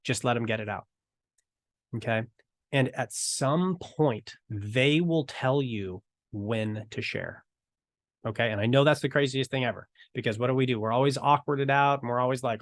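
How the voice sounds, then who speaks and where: A man's voice: mid-range voice, dry recording. A man teaching evangelism in a casual talk to camera, acting out bits of conversation as he goes. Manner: conversational, acts out dialogue in quick asides.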